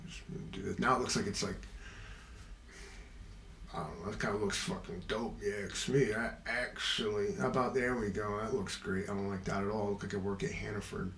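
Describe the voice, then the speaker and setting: A man's voice: fairly low pitch, fairly even intonation, brisk, gravelly, a bit bright, reverberant, a little hiss or hum. A man hosting a casual livestream, rambling from topic to topic in a jokey, self-mocking way. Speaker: livestream host.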